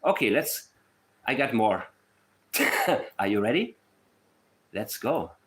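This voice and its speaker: In a lowish, sing-song, slightly bright voice at a slow pace, a livestream host talks to his true-crime chat with sarcasm and fake emotion. He reads letters aloud in a syrupy, mocking tone.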